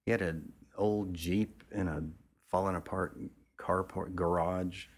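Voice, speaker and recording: A low-voiced photographer, appearing as an interview guest, tells a rambling anecdote in a steady tone and a slightly slow pace. He restarts often, swears casually, and acts out other people's lines in a raised pitch.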